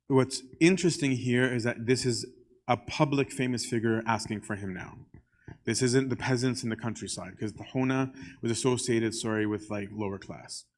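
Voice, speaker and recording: A male priest giving a casual church teaching talk, conversational and full of "um" and "right?". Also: lowish voice. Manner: conversational, often asks "right?"; frequent "um" fillers.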